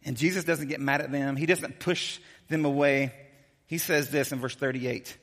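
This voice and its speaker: A man preaching a sermon as a pastor, telling the story in a casual, joking, animated way. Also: medium pitch, moderate pace, long reverb tail.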